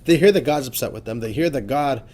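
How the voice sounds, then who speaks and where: A man's voice: mid-range voice, quick pace, a little mellow. A rabbi teaching a class on a religious text, chatty and informal, often asking his listeners rhetorical questions. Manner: chatty and informal, with frequent fillers like "right?" and "you know". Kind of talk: explanatory lesson on a religious text.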